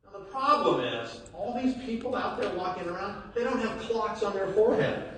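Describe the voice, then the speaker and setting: A man giving an energetic live motivational talk to a hall audience, swinging into loud emphatic bursts and quizzing the crowd, captured from afar on a phone. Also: high voice, normal speed, distant mic. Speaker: motivational speaker at a sales event. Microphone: phone recording from the audience.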